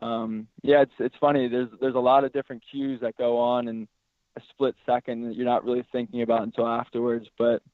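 A man's voice worn hoarse and raspy from yelling, relaxed and rambling. He is heard over a thin, phone-like line with a dry, close sound. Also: mid-range voice, brisk, dry recording. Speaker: goalkeeper guest. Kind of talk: casual interview.

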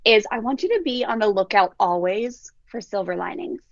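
Gravelly-voiced woman parenting coach. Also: medium pitch, normal speed, dry recording, dull audio. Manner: storytelling, animated quoting of others. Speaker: parenting coach and podcast guest. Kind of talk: casual podcast chat.

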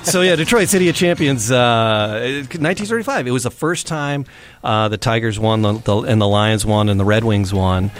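A man's voice: on the low side, moderate pace, slight background noise. A man hosting a pet podcast in a casual, rambling, self-correcting way. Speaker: podcast host.

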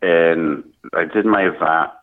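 Deep-voiced male guest, earnest and halting, on a phone-line feed. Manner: earnest, halting, with frequent restarts. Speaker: guest, speaker at military events. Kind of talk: conversational interview. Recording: tinny phone-line audio.

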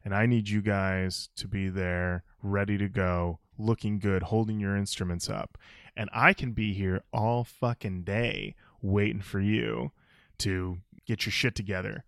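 A man voicing a stern male marching band leader who scolds slowly and demands the players get in line. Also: lowish voice, fairly even intonation, vocal fry, no echo, clean studio sound. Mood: scolding. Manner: slow, scolding drill instructions.

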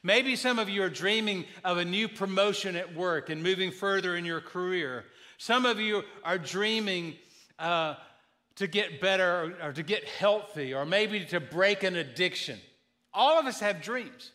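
Male pastor, 50s, folksy humorous storyteller with a bright, slightly high voice. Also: measured pace. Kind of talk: sermon.

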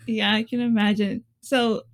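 A woman co-hosting a casual interview who asks quick, polite follow-up questions. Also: fairly high pitch, level tone. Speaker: co-host.

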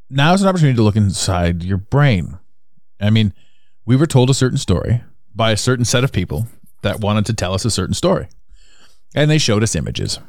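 A man's voice: mid-range voice, darkish tone, no room sound, studio quality. A man with a Canadian accent hosting a solo podcast, talking in a rambling, repetitive way that circles back on his points. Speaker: podcast host.

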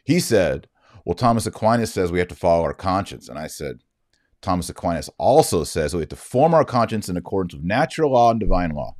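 Deep-voiced man telling an indignant story. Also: sing-song, fairly quick, no echo, clean studio sound. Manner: emphatic, indignant retelling. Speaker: Catholic commentator. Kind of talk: storytelling monologue.

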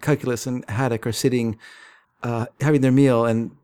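A man in casual chat, retelling a comic's plot in a relaxed storytelling way with fillers. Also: medium pitch, moderate pace, clean tone. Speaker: podcast co-host.

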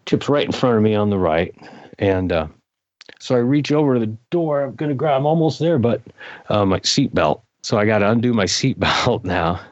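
An older man, a guest in an interview, telling a story in a casual, animated way, his voice jumping up when he gets excited. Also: fairly low pitch, moderate pace, no echo. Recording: dull lo-fi recording.

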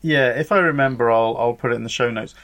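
Man, podcast host, casual chat, dry, deadpan, hesitant. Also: medium pitch, fast, soft background music.

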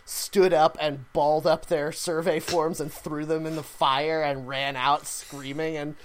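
A man's voice: fairly high pitch, little pitch movement, measured pace, a little hiss or hum. A man co-hosting a casual chat, talking with many fillers and laughing easily. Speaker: podcast co-host.

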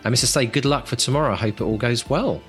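A man's voice: mid-range voice, quick pace, a bit bright, faint music behind. A man co-hosting a podcast, chatting casually and upbeat through announcements and sign-offs. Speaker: podcast co-host.

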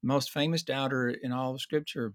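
A man teaching in a conversational Bible study discussion, earnest and explanatory, slowing down to stress key points. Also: medium pitch, steady tone, dry recording, clean studio sound.

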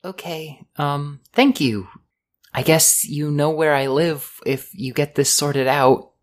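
A bright, chatty young woman who hauls cargo at the docks, as a man acts her out in a high, lifted voice. She rambles happily, a little bashful, full of small fillers, the way a player character is voiced at a game table. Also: slow pace. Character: young woman dock worker, eager and upbeat.

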